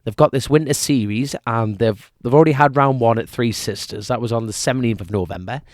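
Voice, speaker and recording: A chatty young man, talking in a casual podcast. He wanders off topic, corrects himself and laughs a lot, and his voice sits at a middling pitch. The sound is close and dry, with no room around it. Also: darkish tone, no echo. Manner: rambling, jokey, quick to laugh, loses his thread. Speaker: podcast co-host. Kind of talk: casual chat.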